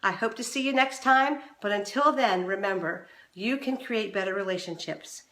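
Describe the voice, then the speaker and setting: A woman's voice: moderate pace, roomy sound. A middle-aged woman hosting a relationship advice show, talking straight to the viewer and acting out the voices she quotes. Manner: animated, acts out quoted voices with big pitch swings. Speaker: relationship coach and show host. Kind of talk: direct-to-camera advice talk.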